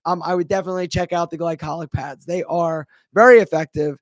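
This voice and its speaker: Chatty man with a high voice. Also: fairly even intonation, quick pace, no room sound, studio quality. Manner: chatty, full of fillers and "right?". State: a bit out of breath. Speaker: brand founder answering viewer questions. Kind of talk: casual live Q&A.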